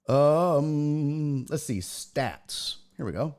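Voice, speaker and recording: Male sports streamer host, lively swinging pitch, profane, riffs with his chat. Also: slow pace. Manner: profane, reads chat comments aloud and answers them. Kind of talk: casual livestream sports talk.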